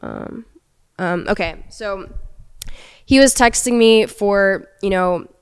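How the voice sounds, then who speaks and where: A woman's voice: medium pitch, takes it slowly, clear, resonant tone. A young woman as a podcast guest, candidly recounting a breakup. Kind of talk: podcast interview.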